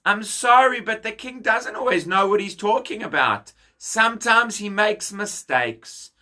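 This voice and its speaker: A man's voice: high voice, expressive, unhurried, bright, forceful tone, pitched above the performer's own voice, heavily acted. A man voicing a scheming, charming young prince in a children's story, overfriendly and gushing.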